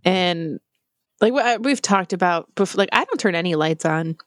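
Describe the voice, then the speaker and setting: A woman's voice: fairly low pitch, animated, moderate pace, dry recording, studio quality. A woman co-hosting a podcast, chatting casually and thinking aloud about childhood fears. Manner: chatty, reflective, laughs often. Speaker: podcast co-host.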